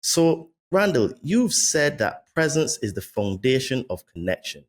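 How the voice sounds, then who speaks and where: A man hosting a podcast, rambling and restarting as he asks questions, slowing on key words, and reading show plugs. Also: medium pitch, big pitch swings. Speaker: podcast host. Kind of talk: conversational interview, reads show plugs.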